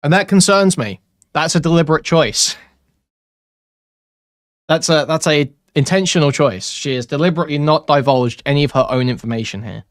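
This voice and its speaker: A man's voice: a little high, moderate pace, no room sound, studio quality. A man doing casual commentary, reading messages aloud and reacting with bemused, profane asides. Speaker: commentary youtuber.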